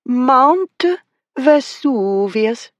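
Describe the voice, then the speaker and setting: A narrator voicing a lively young lady who puts on exaggerated mock Italian and French accents, rolling her R's and stretching words. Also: sits high, extremely slow, dry recording, voice pushed up, full character voice. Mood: playful. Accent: mock Italian, then mock French. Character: lively young lady mimicking foreign tourist guides.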